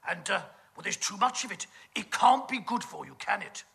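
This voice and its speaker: A man's voice: sits high, animated, normal speed, gravelly, a bit bright. Camp, gossipy British man. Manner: camp, gossipy, innuendo-laden asides. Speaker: comic performer. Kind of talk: stage comedy monologue to an audience.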